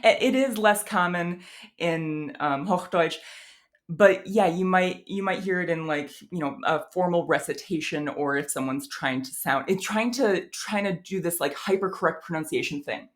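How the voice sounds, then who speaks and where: A low-pitched woman talks through a language lesson in a relaxed, chatty way. She often restarts her sentences and fills pauses, then sounds out her examples slowly and with care. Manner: chatty, with many fillers and restarts; models examples in an over-careful voice. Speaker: language teacher. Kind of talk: casual explanatory lesson.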